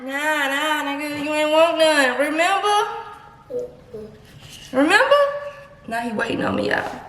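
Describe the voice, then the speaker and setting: A woman's voice: sits high, fairly even intonation, moderate pace, fairly bright tone, slight background noise. A woman vlogging as a mother, teasing her child with a playful, laughing manner. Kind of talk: casual family vlog chat. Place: home kitchen. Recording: echoey room.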